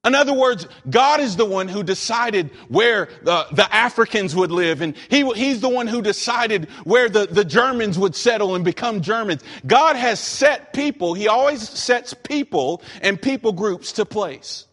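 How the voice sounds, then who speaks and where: Pastor, male, from Western North Carolina, emphatic sermon delivery with jokes, fairly high voice, long church reverb. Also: expressive, a bit bright. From Western North Carolina, USA. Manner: emphatic preaching, slows for scripture, joking asides.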